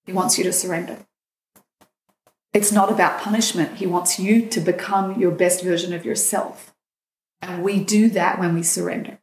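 A woman with a voice on the low side speaks at a moderate pace as a dating coach guest on a podcast. She tells a personal story with feeling, animatedly performing the quoted dialogue, in an echoey room with a faint hiss or hum.

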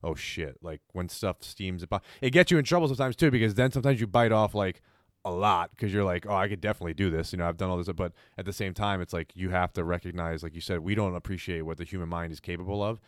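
A man's voice: sits low, quick pace, no room sound, studio quality. A man in casual chat, musing reflectively about motivation with many "like" fillers.

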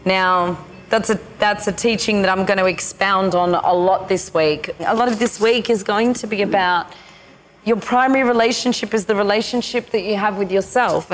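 A woman spiritual teacher guides a retreat group in a mid-pitched voice, speaking slowly and haltingly. Pauses break up her phrases, and a faint hiss sits under her words. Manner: slow, halting, with many pauses.

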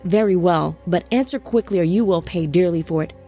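A woman's voice: on the low side, fairly quick, mellow, slightly rough, soft background music. A woman voicing a cold, cruel supernatural captain. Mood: cold, commanding. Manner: curt commanding delivery.

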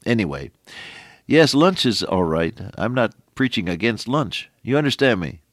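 A middle-aged man preaching a folksy radio sermon, quoting scripture in an animated way. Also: fairly low pitch, normal speed, no echo, clean studio sound.

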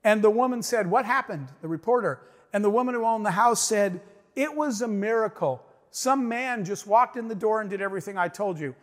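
A man's voice: high-pitched, fairly quick, big-room sound. A man giving a motivational speech, telling a story with emphasis and acting out the dialogue. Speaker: business owner giving a speech.

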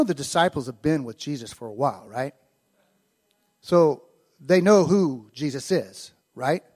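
A man's voice: on the high side, darkish tone. A man preaching a casual storytelling sermon, acting out quoted lines with growing animation. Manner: conversational, acts out quoted lines with rising animation.

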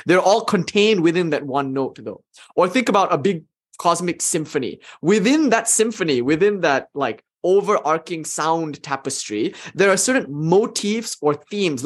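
A man giving a live online lecture as a spiritual teacher, speaking in an enthusiastic, conversational way with frequent "you know" fillers. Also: on the high side. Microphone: video call.

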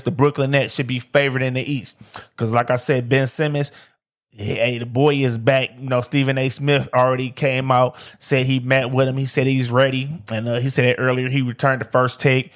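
A man from Detroit hosting a solo sports podcast, talking in a loose, slangy way and often repeating "like I said" and "man". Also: medium pitch. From Detroit, USA. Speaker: podcast host. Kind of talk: casual solo sports talk. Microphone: streamed live on camera.

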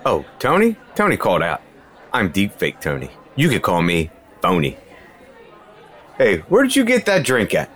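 A man's voice: on the low side, some chatter behind. A man doing a cocky, playful fake bartender. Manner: animated, teasing, quick phone banter.

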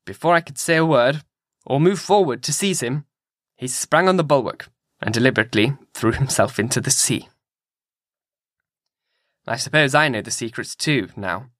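A man reading an audiobook in a measured, grave manner. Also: medium pitch, fairly bright tone, dry recording, clean studio sound. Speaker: audiobook narrator.

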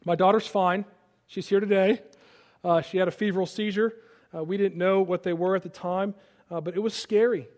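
A man in his thirties preaching a sermon, dropping to a hushed voice in personal stories and rising to loud peaks. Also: high-pitched, moderate pace. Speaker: pastor.

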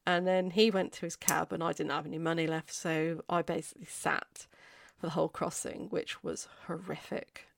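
A woman's voice: low voice, level tone, normal speed, gravelly, no echo, clean studio sound. A woman in her forties, hosting a podcast and telling a chatty, rambling story full of tangents. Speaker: podcast host. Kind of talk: casual storytelling.

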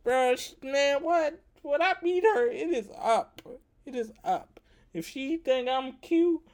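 A man's voice: very high-pitched, animated, slow. A young man doing stand-up comedy, telling rambling, profane stories and repeating his punchlines.

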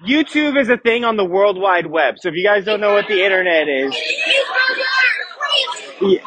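A man's voice: sits high, expressive, moderate pace, lo-fi sound, very noisy. A man in his thirties giving a casual, joking sermon to a youth group as youth pastor, often asking the crowd questions. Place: church youth room.

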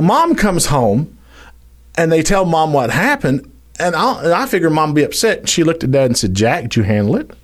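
A man with a Louisiana accent spins a dramatic tale in a folksy, chatty way. His voice is somewhat high for a man and swings widely in pitch as he builds the story. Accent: Louisiana Southern US. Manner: folksy, dramatic, addresses listeners as y'all. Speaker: storyteller guest. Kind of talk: animated storytelling.

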